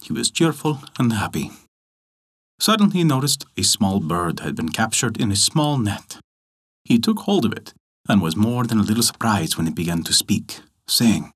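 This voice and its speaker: A man hosting a folk tale podcast, narrating in an expressive, measured storytelling manner. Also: lowish voice, breathy edge. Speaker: storyteller host.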